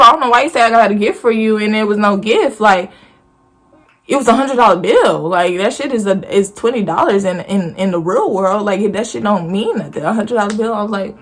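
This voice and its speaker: A woman recounts a family story straight to camera. Her delivery is blunt, profane and animated, the talk of a casual storytime vlog. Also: mid-range voice, fairly quick. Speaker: vlogger.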